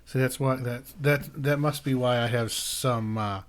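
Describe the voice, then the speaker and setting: A man from Wisconsin with kids, a podcast co-host telling a story in a relaxed, rambling way among friends. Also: medium pitch, unhurried. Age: adult with kids. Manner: relaxed, rambling with many "um"s and "you know"s.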